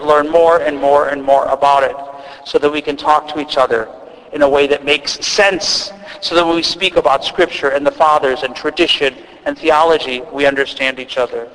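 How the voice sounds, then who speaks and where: A man's voice: fairly high pitch, fairly bright tone, in a large hall, poor audio. A man with an Upper Midwest accent preaching a sermon as a priest, in a conversational way with restarts and asides. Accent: Upper Midwest American. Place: church.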